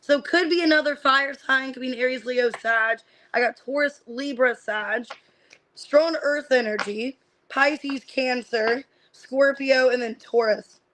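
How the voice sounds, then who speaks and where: A woman giving a casual live-streamed tarot reading. She names the cards one by one and thinks out loud as she reads them, with lots of fillers. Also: high voice, unhurried, noisy background. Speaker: tarot reader.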